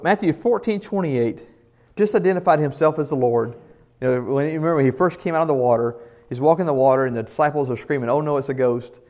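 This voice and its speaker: A man's voice: on the high side, fast talker. A male pastor delivering an earnest, emphatic sermon and asking the congregation questions. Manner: earnest, emphatic preaching with shifts in loudness.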